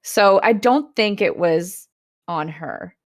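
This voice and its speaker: A woman's voice: mid-range voice, expressive, slow pace. A woman co-hosting a book club podcast, chatting casually and frankly about a novel with frequent laughter. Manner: wry, laughs often, frank.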